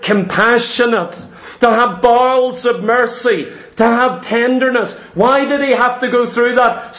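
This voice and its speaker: A man preaching a sermon with passion, repeating phrases and acting out the voices of doubters and of Christ. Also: sits high.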